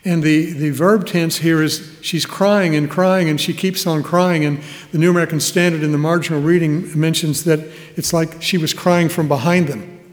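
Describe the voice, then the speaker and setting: Male preacher, slightly high voice, expository sermon, long hall reverb. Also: steady tone, normal speed. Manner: expository preaching, reads verses aloud, chuckles often.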